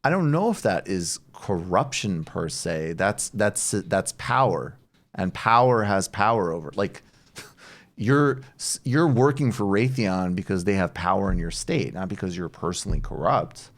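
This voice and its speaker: Low-voiced man hosting political talk. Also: animated, a little slow. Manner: loose, digressive, lots of "like" fillers. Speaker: podcast host. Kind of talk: political commentary chat.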